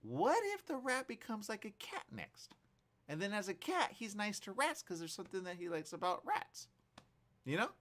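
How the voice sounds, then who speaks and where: A man with a high voice speaks at a moderate pace while hosting a morning talk show in a studio. He chats casually, spinning rambling, animated stories full of playful what-ifs.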